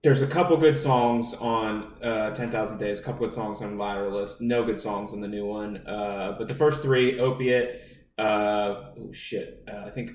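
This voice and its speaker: A man's voice: on the low side, steady tone, moderate pace, a little mellow, distant mic. A man co-hosting a casual podcast, rambling and ranting, swearing constantly. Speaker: podcast co-host. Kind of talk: casual profane podcast banter. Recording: echoey room, voice off-mic, faint noise.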